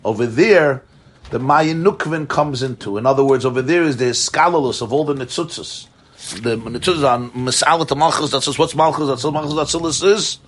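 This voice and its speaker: A man's voice: medium pitch, normal speed, fairly bright tone, breathy edge. A man teaching a Torah class, explaining ideas animatedly, chuckling often and mixing in Hebrew terms.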